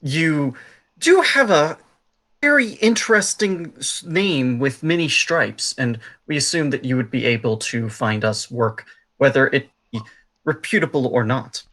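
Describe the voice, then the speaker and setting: A man's voice: mid-range voice, animated, unhurried, a bit bright. A man voicing a courteous, formal elven male adventurer in a tabletop game, speaking in elaborately polite phrases. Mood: smooth. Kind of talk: tabletop role-play in character.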